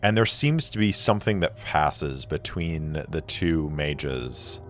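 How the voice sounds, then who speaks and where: A man narrating a solo tabletop game, describing scenes slowly and deliberately. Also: extremely low pitch, lively intonation, soft background music.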